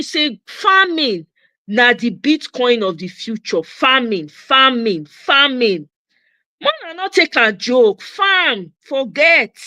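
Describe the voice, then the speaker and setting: A woman's voice: a little high, bright, forceful tone, no room sound. A Nigerian woman hosting a casual livestream chat, talking emphatically and mixing Pidgin with English. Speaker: host.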